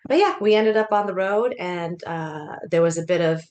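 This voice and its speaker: This is a woman in her fifties, a life coach guesting on an interview. She tells her story in a loose, chatty way, full of laughs and restarts, in a fairly low voice. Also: normal speed, a little mellow, highs cut off.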